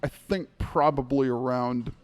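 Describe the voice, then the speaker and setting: A man talking as a podcast guest about his voice acting work, in an easy and animated way. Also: medium pitch, measured pace. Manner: animated, slips into playful accents. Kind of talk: casual interview chat. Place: remote interview, podcast.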